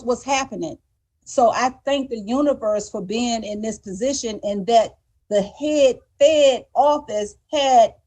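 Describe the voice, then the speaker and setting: Speaking in a fairly high pitch with a darkish tone, a woman tells her story as a guest on a live talk show. The conversation is candid, and she sounds earnest and emotional, often repeating words when she restarts.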